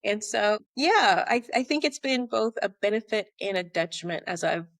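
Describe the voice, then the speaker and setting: American woman, mid pitch, animated storyteller, interview guest, dry sound. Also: normal speed, dry recording. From United States. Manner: animated, acts out remembered dialogue. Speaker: podcast guest. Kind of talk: conversational interview.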